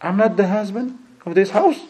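Man putting on a stubborn husband, indignant, defensive, higher-pitched than usual. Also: moderate pace, mellow, close to an everyday voice. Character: stubborn indignant husband scolding his wife.

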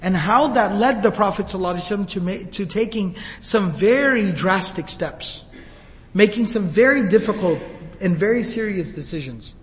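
A man's voice: high-pitched, lively intonation, moderate pace, big-room sound, poor audio. A man giving a sermon, telling the story emotively and acting out quoted lines. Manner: emotive, retells scenes with quoted voices. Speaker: preacher.

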